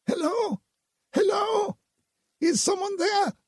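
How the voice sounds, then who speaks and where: A man's voice: very high-pitched, slow pace, dry recording, clean studio sound, pitched above the performer's own voice. Man voicing a frightened woman on a radio. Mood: pleading. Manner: urgent, pleading calls. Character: frightened woman calling over a magic radio.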